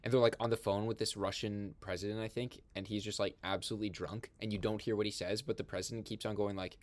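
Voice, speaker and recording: Young male film host, low-ish voice, eager and loose, heavy on filler words. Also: quick pace, hardly any pauses, no echo. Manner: rambling, excited, full of fillers. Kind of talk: casual film recap.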